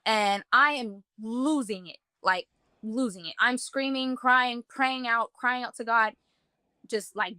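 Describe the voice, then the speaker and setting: A woman with a slightly high, bright and forceful voice tells a personal story in the first person. She speaks earnestly and casually, leaning on "like" as she paints each scene. The sound is dry and close, with no room around it. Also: takes it slowly, no room sound. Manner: earnest, vivid, many "like" fillers. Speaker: guest telling a personal testimony.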